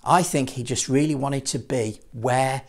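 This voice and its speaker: A man's voice: mid-range voice, fairly even intonation, measured pace. A man and children's puppeteer telling a Bible story in a playful, dramatic way. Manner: playful, dramatic, with lots of vocal swings.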